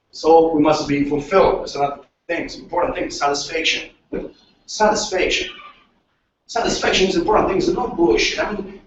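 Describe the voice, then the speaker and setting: An Italian man talks in animated, broken English, swearing freely and repeating himself. His voice sits high. He is recorded from a distance in a very echoey space, and the sound is muffled. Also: slight background noise. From Italy. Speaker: manager. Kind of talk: casual chat.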